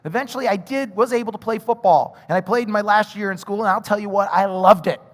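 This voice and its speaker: A man preaches with a fairly high voice, shifting into animated storytelling and quick acted-out lines. His sermon rings with the long reverb of a large hall. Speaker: pastor.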